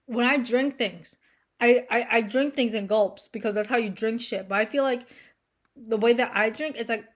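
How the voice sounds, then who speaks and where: A woman's voice: on the high side, moderate pace. Rambling, crude young woman vlogger. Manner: playful, crude, filler-heavy storytelling. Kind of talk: casual rambling monologue to camera.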